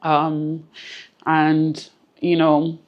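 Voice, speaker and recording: A woman's voice: low voice, completely flat delivery, drawn-out words, muffled recording. A woman guest in an interview, talking earnestly and reflectively about something personal, often repeating phrases for emphasis. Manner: close to tears at times.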